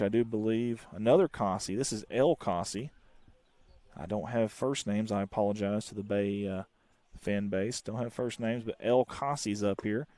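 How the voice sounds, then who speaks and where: Male play-by-play announcer, folksy one-man commentary, excited on the calls. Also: on the low side, no echo. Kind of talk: live high school baseball commentary.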